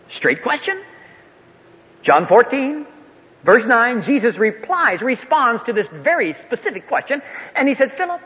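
An older man preaching a sermon in a folksy, emphatic way, his voice swinging up and down. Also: moderate pace. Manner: animated, swooping pitch, folksy and emphatic. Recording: echoey hall, dull lo-fi sound.

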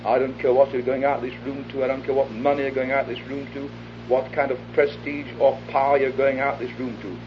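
A man preaching an evangelistic sermon, earnest, acting out little dialogues and dropping to an intimate hush for his appeal. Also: mid-range voice, level tone, quick pace. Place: hall before a live audience. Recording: dull lo-fi archive tape with faint hiss.

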